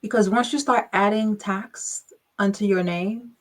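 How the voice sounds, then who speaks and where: A woman's voice: mid-range voice, fairly even intonation, measured pace. Young woman, channel host, casual monologue, emphatic, rhetorical questions.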